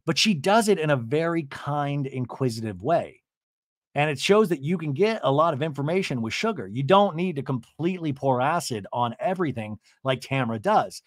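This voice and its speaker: A man hosting a podcast, recapping a reality show in a chatty, animated way and swearing casually. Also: on the high side, no room sound, studio quality. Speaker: podcast host.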